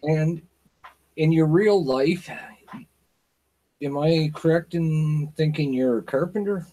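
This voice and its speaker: A man's voice: on the high side, mellow. A man hosting a casual interview, asking questions with dry jokes. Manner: slow, joking questions. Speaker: host.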